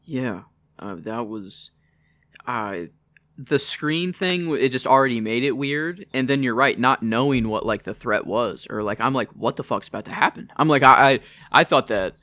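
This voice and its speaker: A man co-hosting a podcast in casual chat, talking haltingly and trailing off. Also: mid-range voice, bright, forceful tone, no echo. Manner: halting, trails off, many fillers and backchannels. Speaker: podcast co-host.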